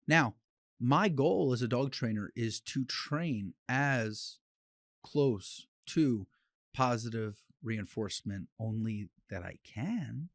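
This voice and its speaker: A man hosting a solo podcast as a dog trainer, talking bluntly and with conviction in quick bursts, with frequent restarts. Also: a little high, dry recording, clean studio sound.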